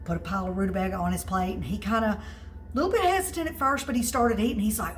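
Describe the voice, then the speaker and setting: A woman's voice: medium pitch, quick pace, a little hiss or hum, rough recording. Chatty woman cooking at home. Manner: chatty, excitable storyteller. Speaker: home cook host. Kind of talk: casual cooking video chat. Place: home kitchen.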